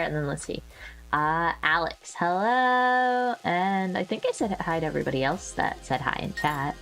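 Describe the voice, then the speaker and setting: A woman livestreaming casual chat, rambling, laughing often and swearing freely into a new microphone. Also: medium pitch. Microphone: new desk microphone.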